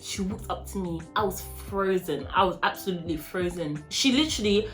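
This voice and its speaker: A woman vlogger telling a story in a dramatic, animated way. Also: mid-range voice, fairly quick, few pauses. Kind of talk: storytime vlog.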